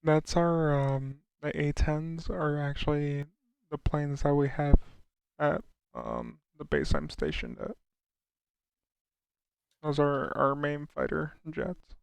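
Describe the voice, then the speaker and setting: A man's voice: on the high side, expressive, slow pace, gravelly, smooth, no room sound. A young man chatting casually with viewers on a live stream, a laid-back airman who chuckles as he answers questions. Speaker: livestreamer and air force airman.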